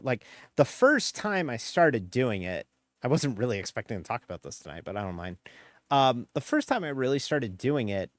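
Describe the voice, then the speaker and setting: A man's voice: mid-range voice, dry recording, clean studio sound. A man with a slightly nasal voice, chatting casually on a live stream and rambling with many fillers.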